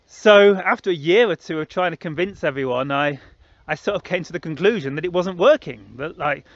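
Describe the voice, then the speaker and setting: A man in his late thirties tells his own story in a loose, rambling monologue, his voice sitting a little higher than most men's. He repeats himself often and jumps into other people's voices to act out their reactions. The audio is a bit muffled and lo-fi. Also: fairly bright tone, no room sound. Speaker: vlogger.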